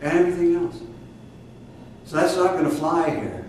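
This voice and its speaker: An older man with a Midwestern accent delivers a fiery sermon, leaning hard on his stresses and now and then bursting out loud. His voice sits a little high, and it is heard from a distance in a very echoey room with faint noise behind it. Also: lively intonation. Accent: Midwestern American. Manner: fiery, emphatic preaching with sudden loud outbursts and drawn-out stresses. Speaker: spiritual teacher.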